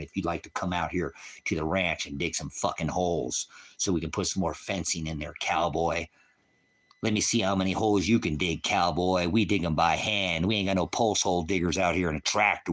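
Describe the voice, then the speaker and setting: A man on a ranch ranting angrily on a livestream, profane and taunting. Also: sits low. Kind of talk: angry livestream rant.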